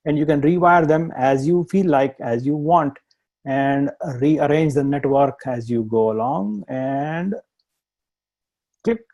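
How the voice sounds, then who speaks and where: Indian-accented male instructor, slightly high, mellow voice, patient repetitive explainer. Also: takes it slowly, lo-fi sound. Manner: explanatory, repeats points, laughs at himself. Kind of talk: live online tech lesson.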